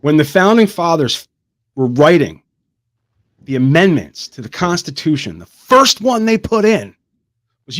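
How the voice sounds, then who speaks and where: A man's voice: on the high side, very animated, measured pace, pauses often, a bit bright, dry recording. A man co-hosting a podcast, blunt and profane, pushing provocative takes. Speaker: podcast co-host. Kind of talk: casual chat.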